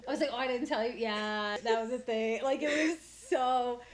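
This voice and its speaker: A young woman speaks as a guest on a podcast. She chats in an easygoing way, and by her own account she is a loud talker. Her voice sits a little higher than most. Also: normal speed. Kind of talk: casual chat.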